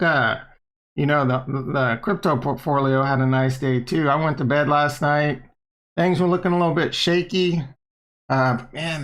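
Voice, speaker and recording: A man's voice: a little high, fairly bright tone. A middle-aged man hosting a casual livestream, talking in a hyped, playful, rambling way and bantering with his chat. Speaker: livestream host.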